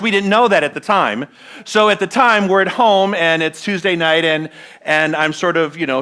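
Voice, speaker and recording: Bright-voiced woman minister preaching. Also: deep voice. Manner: conversational, asks the congregation questions and leads recitations. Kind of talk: Sunday sermon. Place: church sanctuary.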